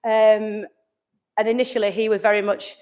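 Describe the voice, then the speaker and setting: A woman giving a chatty conference talk, pausing to search for words and laughing easily. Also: mid-range voice, flat delivery, darkish tone. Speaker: charity staff speaker. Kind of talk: conference presentation.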